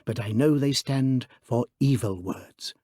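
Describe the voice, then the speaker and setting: A male audiobook reader voicing a small, mild priest who speaks in a low, dreaming, intense way. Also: measured pace, warm tone, no echo, studio quality, lightly acted. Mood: dreamy, ominous.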